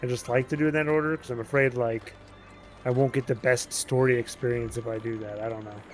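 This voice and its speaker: A man streaming a video game, telling a story in casual chat as an animated rant. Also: mid-range voice, fast, slight background noise.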